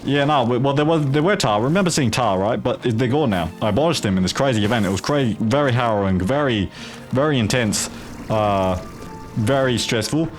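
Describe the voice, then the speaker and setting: A man's voice: medium pitch, expressive, a little fast, faint music behind. A man hosting a gameplay video in a put-on Australian accent, rambling with profane, jokey asides. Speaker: gaming video host. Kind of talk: casual gameplay commentary.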